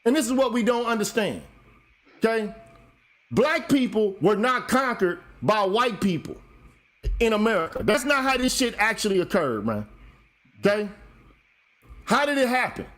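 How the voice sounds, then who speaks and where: High-voiced man lecturing hard. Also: lively intonation, moderate pace, long pauses, a bit bright. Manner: lecturing, emphatic, swears often. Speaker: show host. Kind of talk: heated profane monologue.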